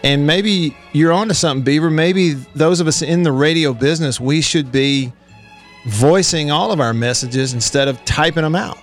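A man's voice: on the high side, normal speed, faint music behind. A man hosting a country radio show, chatting casually and rambling with a co-host, often laughing. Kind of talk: casual on-air banter. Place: radio studio.

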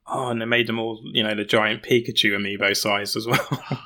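A man's voice: lowish voice, fairly even intonation, fairly quick, bright, forceful tone. A man co-hosting a casual gaming podcast, chatty and restarting words as he recalls details. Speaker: podcast co-host and news writer.

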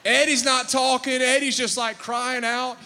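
A man preaching to his congregation, telling a story with animated energy and calling questions out to the crowd. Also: extremely high pitch, a little slow. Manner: animated, calls out questions to the audience. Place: church sanctuary. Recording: long church-hall reverb.

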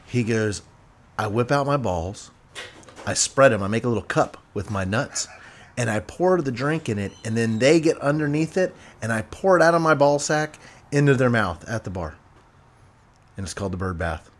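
A man's voice: medium pitch, lively intonation, normal speed. Crude laughing male storyteller. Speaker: podcast host. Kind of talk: casual barbershop chat.

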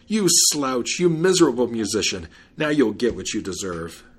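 A man voicing a panicky old male miser from a fairy tale, shouting frantic pleas. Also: medium pitch, very animated, normal speed, slightly rough. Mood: scornful.

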